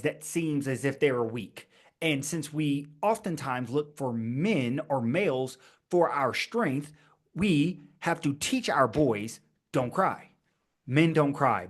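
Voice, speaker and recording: A man hosting his own podcast, talking alone in a rhetorical style with slow, emphatic repeated phrases. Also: medium pitch. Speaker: podcast host. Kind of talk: scripted-sounding solo podcast monologue.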